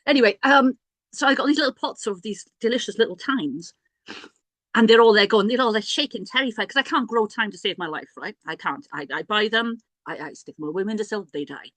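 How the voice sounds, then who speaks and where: A woman's voice: medium pitch, brisk, fairly bright tone, dry recording. Chatty, self-mocking middle-aged woman. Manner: chatty, self-mocking, many restarts and asides. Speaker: priestess and healer. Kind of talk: casual personal storytelling.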